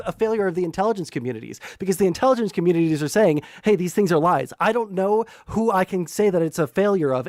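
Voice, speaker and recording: A man's voice: sits high, no room sound, studio quality. A man streaming, talking politics in a casual, profane, rambling way full of filler words.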